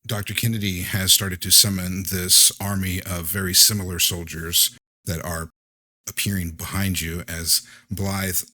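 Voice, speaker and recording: A man narrating as game master of a tabletop horror game, halting and relaxed with many fillers. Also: deep voice, dry recording.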